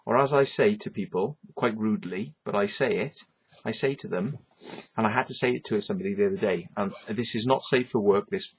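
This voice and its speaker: A man's voice: mid-range voice, creaky, slightly rough, lo-fi sound. A man, ranting at the camera in an agitated, repetitive monologue that is full of swearing, tagging his lines with "right?". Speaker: vlogger.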